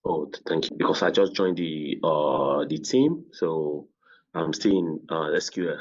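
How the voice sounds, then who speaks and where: Hesitant deep-voiced man on a call. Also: sing-song, measured pace, gravelly, darkish tone. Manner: hesitant, many fillers and restarts. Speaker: program participant. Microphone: video call. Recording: dull video-call audio.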